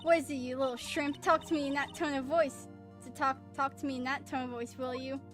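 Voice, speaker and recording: A woman's voice: sits high, fairly even intonation, brisk, soft background music, natural voice. A woman voicing a haughty, snippy young witness. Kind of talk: reading game dialogue aloud.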